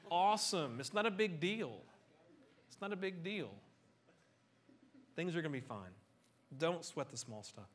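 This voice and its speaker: Animated, joking preacher man. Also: a little high, measured pace, pauses often, slight background noise. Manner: animated, conversational, joking asides. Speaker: pastor. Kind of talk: sermon.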